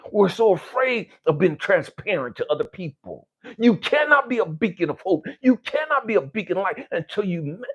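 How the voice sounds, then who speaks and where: Husky man giving a raw, swearing pep talk. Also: dull audio. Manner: raw and confessional, swinging from low murmurs to near-shouts, heavy swearing. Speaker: spiritual coach. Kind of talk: emotional motivational monologue.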